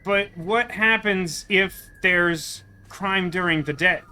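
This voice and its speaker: A man's voice: sits high, slow, pushed and bright, clear, resonant tone. A man streaming a video game, talking in a wry, rambling, sarcastic way in casual let's-play commentary.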